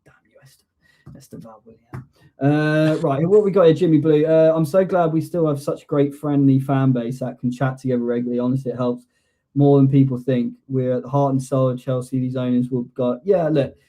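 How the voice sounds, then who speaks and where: Guy hosting a fan stream, mellow warm voice, laid back, reading comments off chat. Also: mid-range voice, flat delivery, brisk. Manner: easygoing, reads out viewer comments. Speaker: host of a fan show. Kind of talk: casual live-stream chat.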